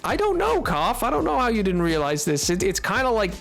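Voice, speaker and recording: A young adult man chats with his viewers while playing, rambling and joking with plenty of fillers. His voice sits high for a man, and faint music runs underneath. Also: wildly swooping pitch, gravelly, a bit bright. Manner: rambling, playful, quick to laugh, filler-heavy. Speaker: game streamer. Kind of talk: casual live-stream chat.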